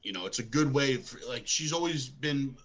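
A man's voice: medium pitch, lively intonation, moderate pace, a bit bright. A man co-hosting a casual podcast chat, easygoing and thinking aloud. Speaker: podcast co-host.

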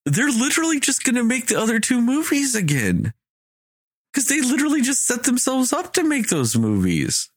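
A man talks casually and heatedly, his pitch leaping up and down as he vents. He swears freely and acts out bits of dialogue. The sound is close and dry. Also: moderate pace, dry recording. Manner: animated, exasperated ranting with swearing and quoted dialogue. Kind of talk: casual movie review chat.

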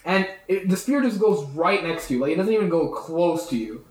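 A man's voice: sits high, animated, fairly quick, roomy sound, rough recording. A man narrating as game master of a tabletop game in a loose, rambling way full of fillers.

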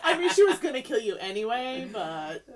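Woman, tabletop player, playful quips, high voice, lively pitch. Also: moderate pace, distant mic, a crowd in the background. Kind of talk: casual podcast banter.

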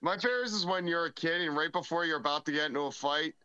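A man telling animated anecdotes in a casual podcast chat on a close mic. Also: a little high, fast talker, smooth, dry recording, lo-fi sound.

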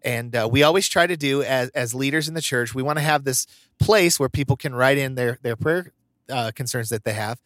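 A man co-hosts a podcast in relaxed, casual chat, telling funny stories and often breaking into laughter. His voice sits in a middle register, and the sound is dry and close. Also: medium pitch, fairly quick, no room sound. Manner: chatty storyteller, laughs often. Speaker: podcast co-host.

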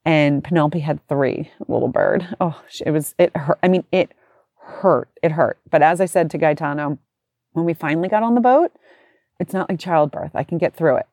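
Lowish woman telling a story animatedly. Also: normal speed, no room sound, dull audio. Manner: animated, acts out the voices of others. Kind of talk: casual storytelling.

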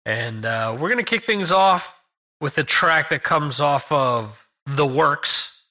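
A man hosting a podcast, opening the episode in a relaxed, chatty way. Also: fairly high pitch, slow. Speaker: podcast host. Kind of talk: podcast show introduction.

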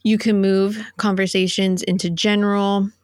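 A woman's voice: medium pitch, level tone, moderate pace, no room sound, clean studio sound. A woman co-hosting a podcast in casual chat, rambling and laughing through her asides. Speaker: podcast co-host.

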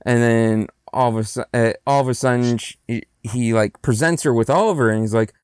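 A man's voice: medium pitch, fairly quick, few pauses, darkish tone, clean tone, dry recording, studio quality. A man co-hosting a podcast, casually retelling a movie plot with frequent restarts and laughs. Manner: rambling, restarts, laughs often. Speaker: podcast co-host. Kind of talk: casual movie recap chat.

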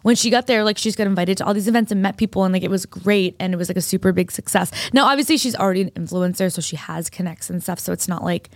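A woman's voice: mid-range voice, fast, few pauses, dry recording, studio quality. A young woman co-hosting a podcast, telling a story in casual chat with lots of fillers. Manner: chatty, storytelling with many fillers. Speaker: podcast co-host.

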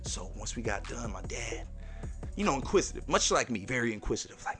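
A man hosting a podcast and telling a personal story in a lively, slangy way, talking straight to his listeners. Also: lowish voice, fairly quick, soft background music. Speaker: podcast host.

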